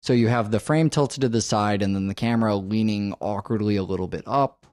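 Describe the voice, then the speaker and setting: Low-voiced man talking films casually. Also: a little fast, darkish tone, no echo, clean studio sound. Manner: rambling, thinks aloud with many fillers. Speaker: podcast co-host. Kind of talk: casual film discussion.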